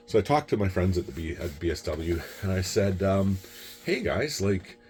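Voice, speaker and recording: A man's voice: low voice, a little fast, darkish tone. A middle-aged man from Canada chatting casually about his bottles, rambling and repeating words as he tells stories. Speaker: whisky collector vlogger. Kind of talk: casual chat.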